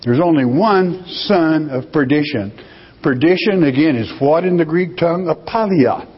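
Brief: husky male Bible teacher, emphatic, dull lo-fi sound with long hall reverb. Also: on the high side, moderate pace. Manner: emphatic, rhetorical questions answered himself.

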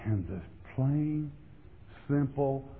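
A man's voice: medium pitch, animated, extremely slow, breathy edge. A man preaching a sermon as pastor, emphatic and repeating words for stress, on a tinny, lo-fi recording. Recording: tinny lo-fi sound in a reverberant hall.

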